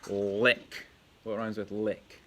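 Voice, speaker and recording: A man with a bright, forward voice leads a home video lesson for young children. He is patient and encouraging, quizzing the kids and praising each answer. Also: lowish voice, flat delivery, slow, a little hiss or hum. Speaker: elementary school teacher.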